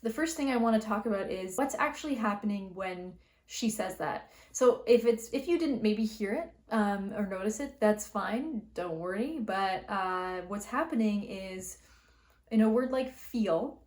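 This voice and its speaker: A woman's voice: medium pitch, expressive, a little slow, a little mellow, roomy sound. A young woman with a Canadian accent, hosting a casual explainer video and talking chattily with many fillers. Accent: Canadian English. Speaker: linguistics video host.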